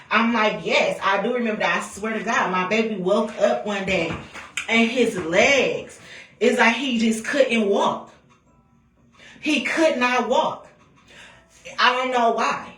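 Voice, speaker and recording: A woman telling a story about her own family, talking bluntly with lots of swearing and animated retelling. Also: on the high side, measured pace. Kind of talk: casual storytime rant. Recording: echoey room, voice a bit far from mic.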